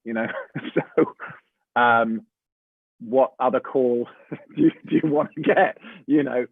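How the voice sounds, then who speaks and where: English man, middle-aged, animated storyteller, slightly husky, recorded through a tinny call line. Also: mid-range voice, slow pace, no echo. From England. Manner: animated storyteller, chatty, says mate and man a lot. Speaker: voice actor guest. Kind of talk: casual panel chat.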